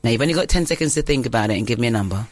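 Woman quiz host, casual game-show chat, giggly and self-deprecating, lively pitch, very dry close sound. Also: very fast, dry recording.

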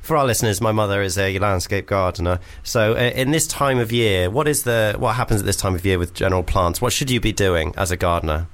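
A man in his thirties hosting a radio show, playful and quick to laugh. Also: fairly low pitch, fairly bright tone. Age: 30s. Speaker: radio host. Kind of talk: casual radio chat.

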